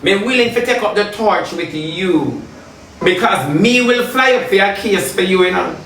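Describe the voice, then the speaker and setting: High-voiced Jamaican man ranting off-mic. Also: animated, normal speed, a bit bright, distant mic. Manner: combative, taunting, repeats phrases. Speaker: social media personality. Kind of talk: heated live rant. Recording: roomy and off-mic.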